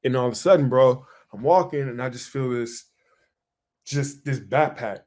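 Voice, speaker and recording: A young man co-hosting a podcast, telling a story in casual chat, animated and swearing freely as he acts out what he said back then. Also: mid-range voice, moderate pace. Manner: animated, swears a lot, acts out his own past lines. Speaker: podcast co-host.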